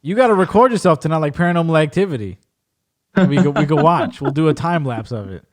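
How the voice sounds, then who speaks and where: A man with a slightly high voice tells stories in an animated, casual way. He is a podcast host chatting with friends, often tossing in bro and dude. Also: quick pace. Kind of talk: casual chat.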